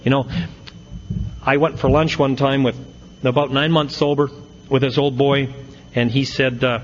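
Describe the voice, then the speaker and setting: A man's voice: mid-range voice, flat delivery, normal speed, long pauses. Middle-aged man, AA speaker, folksy self-mocking storyteller, muffled lo-fi audio with faint hiss. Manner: folksy, self-mocking, punchy comic timing. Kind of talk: recovery talk with humorous storytelling.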